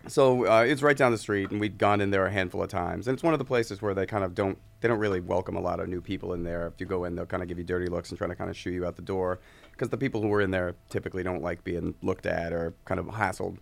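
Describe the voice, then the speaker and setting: A man telling a story in casual chat, animated and acting out quotes in a raised voice. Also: deep voice, quick pace, vocal fry. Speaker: guest musician.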